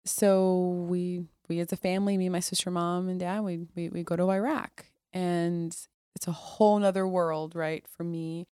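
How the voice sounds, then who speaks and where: Woman, lowish voice, candid storytelling, conversational with restarts, dry close sound. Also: level tone, normal speed, few pauses, clean tone, no echo. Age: adult. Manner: conversational, many restarts, often drops soft and quiet. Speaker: podcast guest, Air Force officer.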